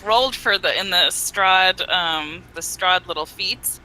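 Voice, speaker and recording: A player describes their character at a tabletop game, stopping and starting with many fillers. The voice is very bright and sharp. A faint hum sits behind it. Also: mid-range voice, a little slow, poor audio. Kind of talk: casual tabletop game chat.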